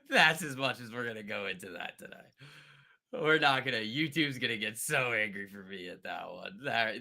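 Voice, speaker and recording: A man's voice: on the low side, vocal fry, bright, forceful tone. A man hosting a live stock market stream, chatting casually, joking and reacting to viewers and charts. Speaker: stock trading livestream host.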